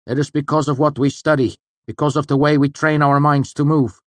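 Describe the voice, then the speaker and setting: A man voicing a stern university master who speaks calmly and curtly, at times dismissive. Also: fairly high pitch, a little fast, no echo, voice pushed up, lightly acted. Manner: calm, curt, dismissive.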